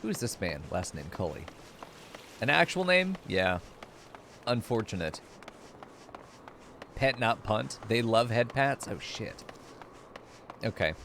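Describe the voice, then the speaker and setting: A man's voice: on the low side, sing-song, takes it slowly, pauses often, fairly bright tone, slight background noise. A man streaming a game, joking crudely and laughing often in casual commentary.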